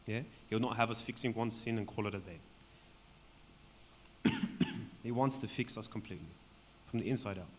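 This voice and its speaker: Man, Bible study leader, conversational teaching, hoarse voice, long hall reverb, faint noise. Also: fairly low pitch, normal speed, pauses often. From Australia. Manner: conversational, keeps asking "right?". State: voice going hoarse, clearing throat. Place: church hall with a group.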